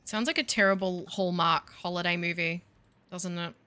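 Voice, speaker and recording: Woman gaming host, wry self-mocking commentary, bright lowish voice, dry close sound. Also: fairly even intonation, normal speed, smooth, no room sound. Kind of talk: casual gameplay commentary.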